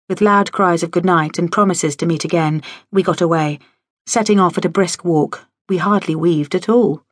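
A woman narrating a novel in the first person with a wry, lively storytelling manner. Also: on the low side, normal speed, no room sound. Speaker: audiobook narrator. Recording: dry studio audio.

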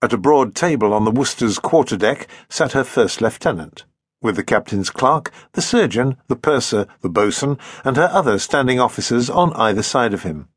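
Male narrator, husky, lively intonation, dry close studio sound, audiobook. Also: mid-range voice, normal speed, no room sound. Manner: expressive, varied reading. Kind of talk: scripted narration.

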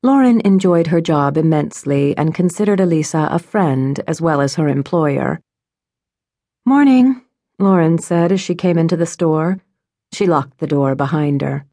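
A woman reading an audiobook in scripted narration, measured and even. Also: low-pitched, no room sound, clean studio sound.

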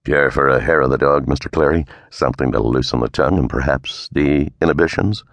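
A man voicing a cool, wry 1930s male private detective who talks in a dry, unhurried way in an audiobook. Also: a bass voice, a bit bright, dry recording. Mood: sardonic.

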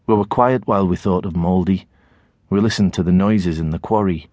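A middle-aged man with a Tyneside accent narrating a children's novel in the first person, expressive storytelling. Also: low voice, brisk, dry recording. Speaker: audiobook narrator.

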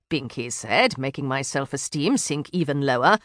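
A woman narrating an audiobook in an expressive first-person telling, close to a studio mic. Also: deep voice, moderate pace, few pauses, dry recording. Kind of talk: scripted narration.

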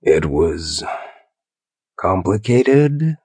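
Smug insubordinate agent, gravelly and scoffing, voiced by a man; dry audiobook read. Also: low-pitched, very animated, extremely slow, a little mellow, no echo, exaggerated voice. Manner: cocky, scoffing. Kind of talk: audiobook character voice.

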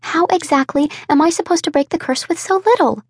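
A fierce young heroine, her voice pushed high and tight with desperation, as a woman narrator plays her. She pleads and argues with a strained edge. The sound is dry and close. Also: brisk, no room sound. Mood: fierce, desperate.

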